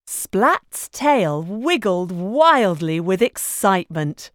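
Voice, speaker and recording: Woman storyteller for a picture book: very slow, lively melody. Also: medium pitch, no room sound, clean studio sound. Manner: slow, clear, expressive. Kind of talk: children's book read-aloud.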